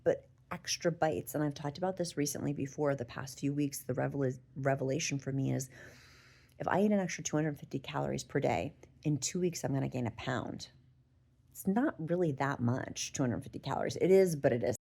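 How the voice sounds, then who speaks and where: A middle-aged woman talks straight to her viewers in a loose, chatty vlog. Her voice sits low, with a gravelly fry running through it. She sounds open and emotional. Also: fairly quick, mellow. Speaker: vlogger. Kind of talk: casual talk to camera.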